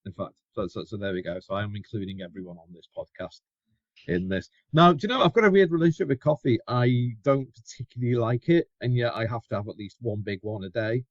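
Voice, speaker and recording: A man's voice: mid-range voice, fast talker, dry recording. A man co-hosting a casual podcast, bantering with dry, teasing remarks. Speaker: podcast co-host. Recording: dry, dull lo-fi audio.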